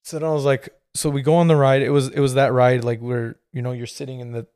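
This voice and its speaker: Hosting his podcast, a man in his thirties spins a rambling tale with lots of fillers and laughter. His mid-range voice is fast, level, a little mellow, clear and resonant, captured dry in clean studio sound.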